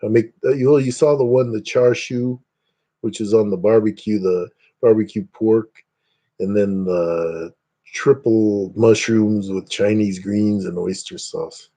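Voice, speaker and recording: A man's voice: lowish voice, fairly even intonation, a little slow, mellow. A man from Indiana hosting a casual livestream, rambling chattily and greeting viewers by name. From Northeast Indiana, USA. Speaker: livestream host.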